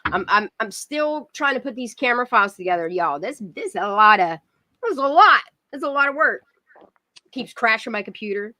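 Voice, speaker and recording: A woman hosting a casual livestream, chatty and greeting her viewers in quick bursts. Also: on the high side, animated, bright, forceful tone, dry recording. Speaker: livestream host.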